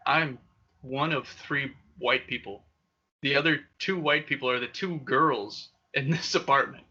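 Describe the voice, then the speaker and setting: A young man hosting a podcast, telling wild stories in a casual, profane, animated way with frequent laughter. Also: medium pitch, unhurried, breathy edge. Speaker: podcast host. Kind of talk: casual storytelling. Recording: dull lo-fi sound.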